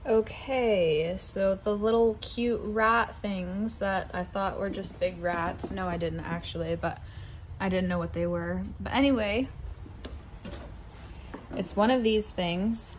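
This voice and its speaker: A woman's voice: mid-range voice, slow pace, muffled recording. A woman vlogging casually at an outdoor wildlife park, chatting and talking sing-song to the animals. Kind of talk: casual vlog chat. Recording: outdoor ambience with animal noise.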